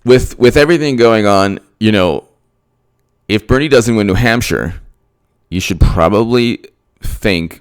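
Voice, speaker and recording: A man's voice: fairly low pitch, measured pace, long pauses, clean tone. A man giving emphatic political commentary straight to his audience, repeating himself and firing off rhetorical questions.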